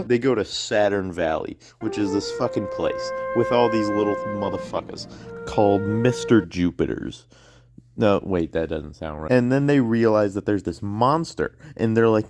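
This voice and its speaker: A man's voice: lowish voice, expressive, moderate pace. A man narrating a crude, sarcastic comedic summary in a rambling, profane way. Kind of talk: fast profane plot summary. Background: loud music.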